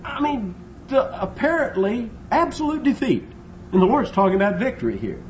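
A man's voice: high voice, sing-song, moderate pace, highs cut off, a little hiss or hum. A man preaching a sermon, asking rhetorical questions and acting out quotes. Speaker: pastor.

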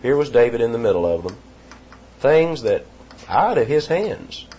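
A man's voice: medium pitch, big pitch swings, moderate pace, mellow, a little hiss or hum. Man preaching a verse-by-verse sermon, dull recording. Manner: teaching verse by verse, emphatic repetitions. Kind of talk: expository sermon.

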